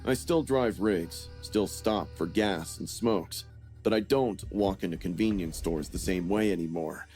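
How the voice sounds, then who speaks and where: A man giving a scripted first-person horror narration in a steady, grim storytelling manner. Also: low voice, measured pace, faint music behind.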